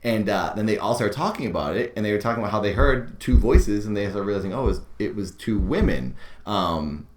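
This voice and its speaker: Fast-talking low-voiced man, rambling. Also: expressive, roomy sound. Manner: rambling, many fillers and restarts. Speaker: podcast host. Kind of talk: casual storytelling chat.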